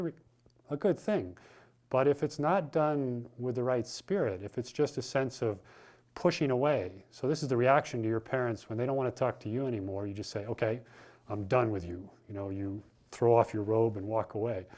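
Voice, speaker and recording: A man's voice: mid-range voice, darkish tone. A man giving a spiritual talk, telling a story in an informal, conversational way with frequent restarts. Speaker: spiritual teacher. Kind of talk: sermon with storytelling.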